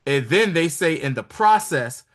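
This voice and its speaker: A man's voice: fairly high pitch, expressive, measured pace, a bit bright. A man casually retelling a TV episode to his co-host, acting out the characters' lines in shifting voices. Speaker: podcast co-host recapping a show. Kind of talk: casual chat.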